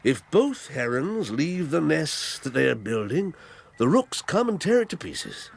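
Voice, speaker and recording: A man's voice: fairly high pitch, very animated, unhurried, vocal fry, a little hiss or hum, full character voice. An actor playing a hearty, talkative old country squire in a radio drama, rambling and fatherly. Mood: genial. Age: older. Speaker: Squire Hamley. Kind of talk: 1980s radio drama acting.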